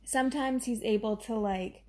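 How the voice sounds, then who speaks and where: A woman co-hosting a podcast in casual chat, chatty, acting out little scenes in quick voices. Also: fairly high pitch, darkish tone. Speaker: podcast co-host.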